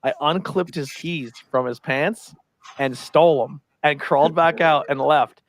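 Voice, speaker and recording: A man's voice: fairly high pitch, a little slow. A man co-hosting a casual chat show, telling a long workplace prank story and acting out the voices of the people in it. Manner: animated storyteller who acts out quoted voices. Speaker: podcast co-host.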